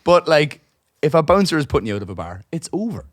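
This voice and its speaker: A young Irish man co-hosting a podcast, telling a profane, animated story full of asides. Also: fairly high pitch, fast, no room sound, studio quality. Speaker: podcast co-host. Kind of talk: casual storytelling chat. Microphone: podcast studio microphone.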